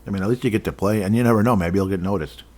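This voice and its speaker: A man's voice: on the low side, very fast, darkish tone. A man hosts a casual sports podcast from home. He rambles and jokes along, with frequent chuckles. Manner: rambling, jokey, chuckles often. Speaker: podcast host.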